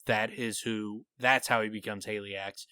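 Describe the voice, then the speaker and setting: A man co-hosting a podcast, animatedly thinking out loud as he retells and theorizes about scenes from a book. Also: fairly low pitch, steady tone, unhurried, clear, resonant tone, no echo. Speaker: podcast co-host. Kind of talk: casual podcast discussion.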